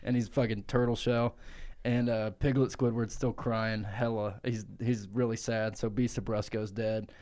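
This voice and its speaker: A man's voice: on the low side, flat delivery, normal speed, darkish tone. Giggly, profane young man narrating. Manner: giggly, profane, breaks into laughter. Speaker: podcast co-host. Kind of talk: improvised comic storytelling.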